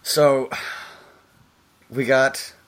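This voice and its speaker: A man co-hosting a casual movie podcast, with a bright, forceful voice. He chats freely about film details and often restarts his sentences. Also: medium pitch, flat delivery, drawn-out words. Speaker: podcast co-host. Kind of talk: casual movie review chat.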